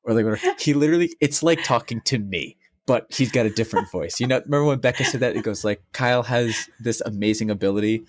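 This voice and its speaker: A young man co-hosting a casual podcast, rambling and profane as he tells animated stories. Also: medium pitch, fast, hardly any pauses, no room sound, studio quality. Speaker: podcast co-host. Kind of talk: casual chat.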